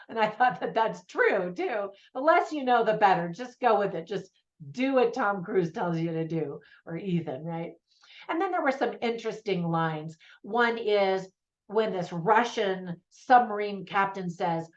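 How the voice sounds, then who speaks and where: Host: woman film reviewer, chatty and upbeat, mid-pitched, slightly muffled recording. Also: expressive, measured pace. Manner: chatty and enthusiastic, laughs often. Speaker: movie reviewer. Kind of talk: casual spoken film review. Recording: slightly dull lo-fi sound.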